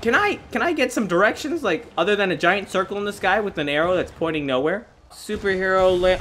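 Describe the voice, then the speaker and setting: A young man giving excitable, self-mocking gameplay commentary as a gaming YouTuber, often laughing at himself. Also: high-pitched, moderate pace, faint music behind.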